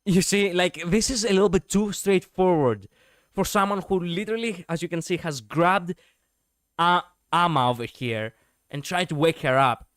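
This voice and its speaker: A man streams his reaction to a story video, talking in loose, rambling bursts full of fillers and a curse here and there. His voice is smooth and sits a little high for a man. The sound is dry and close, with no room around it. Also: moderate pace, fairly bright tone, dry recording. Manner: rambling, many fillers, swears freely. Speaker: streamer reviewing lore videos. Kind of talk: casual reaction commentary.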